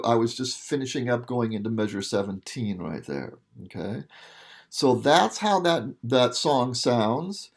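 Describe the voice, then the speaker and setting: Male music teacher, casual patient coaching, mid-pitched voice. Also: expressive, unhurried. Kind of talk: instrument lesson talk.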